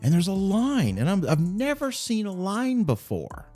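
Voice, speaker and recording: A man's voice: high voice, unhurried, soft background music. A man telling funny personal anecdotes as a podcast guest, acting out the voices of people in his stories. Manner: animated anecdote-telling with acted quotes. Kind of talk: casual storytelling.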